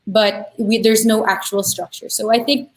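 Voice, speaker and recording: A woman, a bride-to-be, chatting casually on a video call, starting hesitantly with halting restarts. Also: medium pitch, steady tone, rough recording. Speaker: guest, bride-to-be. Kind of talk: casual chat.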